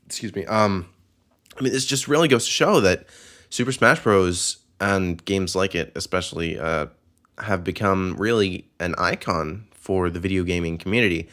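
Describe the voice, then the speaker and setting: A man's voice: low voice, moderate pace, fairly bright tone. A young man hosting a casual podcast, rambling with lots of fillers and frequent laughter. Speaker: podcast host.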